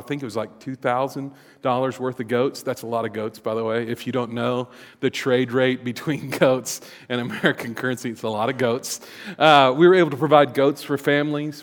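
Middle-aged pastor preaching in a reverberant hall. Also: male voice, mid-range voice. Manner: conversational, with fillers and restarts, rising to loud emphasis. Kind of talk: sermon. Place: church sanctuary. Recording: long reverb of a large hall.

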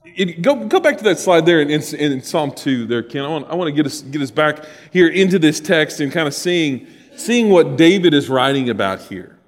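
Joking pastor in a reverberant church. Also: male voice, on the high side, sing-song, normal speed. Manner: joking, storytelling, talks to congregation. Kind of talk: sermon. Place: church sanctuary. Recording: long hall reverb.

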